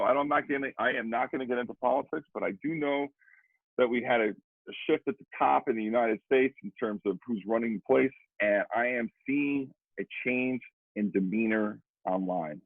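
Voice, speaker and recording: A middle-aged man speaks in a husky voice, rambling through an animated story and repeating himself as he talks. The sound is tinny and phone-like, with a dry, close feel and no room around it. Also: mid-range voice, dry recording. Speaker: guest drummer and educator. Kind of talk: casual storytelling conversation.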